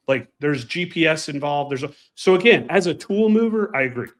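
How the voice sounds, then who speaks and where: Animated man telling pilot stories. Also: fairly high pitch, fairly quick. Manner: animated, emphatic anecdotes. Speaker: podcast co-host and pilot. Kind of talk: casual chat, storytelling.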